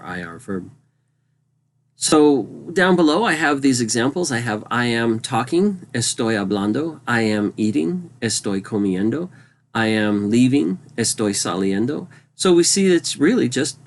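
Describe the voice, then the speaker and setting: A man walks through a grammar lesson in an easygoing, conversational way, spelling verb endings letter by letter. He talks at a middling pitch with an unhurried, chatty delivery and the odd um or restart. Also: slight background noise. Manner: relaxed, conversational, spells out letters, frequent ums. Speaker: Spanish teacher. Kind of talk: explanatory lesson over slides.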